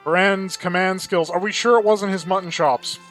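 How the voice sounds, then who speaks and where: A man's voice: sits high, steady tone, normal speed, fairly bright tone, faint music behind. A tired man hosting a game let's play, rambling and self-deprecating in his commentary. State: exhausted. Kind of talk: gameplay commentary.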